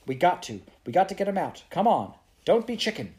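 A man's voice: mid-range voice, expressive, normal speed, a little mellow, lightly acted. A man reading aloud voices a young girl who stays cool in a crisis and gives clipped, commanding orders.

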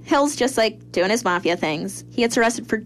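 A woman's voice: a little high, moderate pace, slight background noise. A young woman co-hosting a casual chat, retelling a crime story with swearing and acted-out voices. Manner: animated, acts out quoted people, swears freely. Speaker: podcast host.

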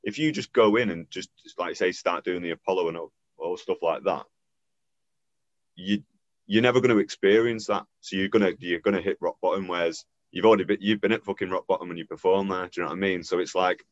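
A man's voice: low-pitched, fast, no room sound. A man hosting a podcast over a video call, talking in a laid-back, sweary and encouraging way. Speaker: podcast host. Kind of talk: casual podcast chat. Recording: dull, dry video-call audio.

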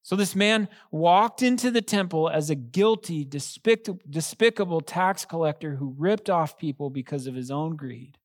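A man, a pastor, preaching a sermon in an earnest, emphatic way, slowing down to stress key phrases. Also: a little high, expressive, no room sound.

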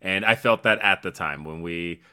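A man's voice: sits low, normal speed, smooth. A man co-hosting a podcast, telling stories casually and acting out what people said. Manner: animated storytelling, acting out quotes. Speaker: podcast co-host. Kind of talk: casual storytelling chat.

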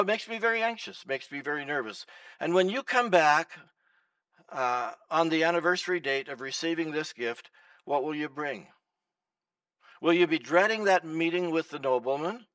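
A pastor preaching a sermon in a church, swinging between loud emphasis and soft, hushed lines. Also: male voice, on the high side, normal speed, clean tone, no room sound, distant mic.

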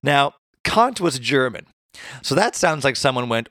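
A man's voice: medium pitch, big pitch swings, a little slow, fairly bright tone, dry recording, clean studio sound. A man, co-hosting a podcast and casually explaining philosophy, self-deprecating and tripping over hard words. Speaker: podcast co-host.

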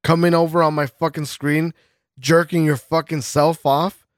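A man's voice: on the high side, little pitch movement, moderate pace, no room sound, studio quality. Profane, ranting podcast man. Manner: profane, heated ranting with frequent laughs. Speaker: podcast co-host. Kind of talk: casual podcast rant.

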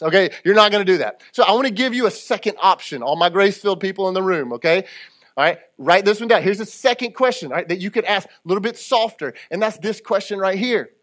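High-voiced pastor preaching casually. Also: male voice, fast, a bit bright. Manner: conversational preaching with audience call-and-response asides. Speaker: lead pastor. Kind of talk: sermon.

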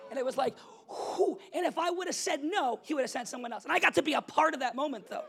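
Husky, animated young preacher man. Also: extremely high pitch, quick pace. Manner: animated, conversational, laughs often, asks "you know what I'm saying?". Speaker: pastor. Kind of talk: casual storytelling sermon.

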